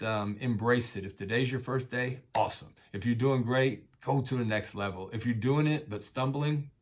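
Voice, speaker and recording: A man preaching a sermon in a casual, conversational way, full of slang, swinging between loud urging and quiet intensity. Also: mid-range voice. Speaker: pastor.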